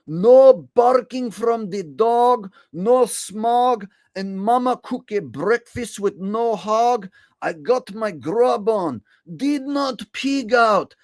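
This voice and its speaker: A man putting on a comic impression of a male rapper with a Russian accent, reciting crude rap lyrics in a slow sing-song. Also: mid-range voice, warm tone, no room sound. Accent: Russian (put on).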